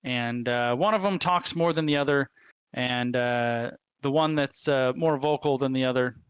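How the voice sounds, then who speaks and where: A man narrating as game master of a tabletop game, halting, with many fillers and restarts. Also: medium pitch, clean tone, no echo.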